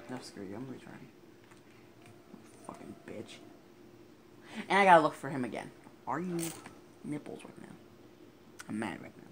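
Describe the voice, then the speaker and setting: A man playing through a video game and commenting, often frustrated and swearing at it. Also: mid-range voice. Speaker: gamer. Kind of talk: let's play commentary. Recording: noisy game audio with sirens. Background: police sirens and game sounds.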